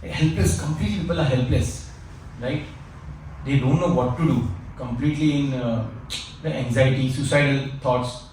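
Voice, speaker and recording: A man teaching an informal class, talking conversationally, repeating key phrases and pausing with fillers. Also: medium pitch, a little mellow. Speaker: spiritual teacher. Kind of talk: informal class lecture with anecdotes. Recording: echoey room, speaker far from mic, faint noise.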